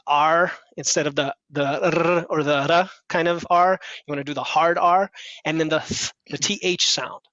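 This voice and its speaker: Man, club speech evaluator, encouraging and organized, raised pitch, dry lo-fi call audio. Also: bright, forceful tone, no echo. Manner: encouraging, structured feedback. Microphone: headset on a video call.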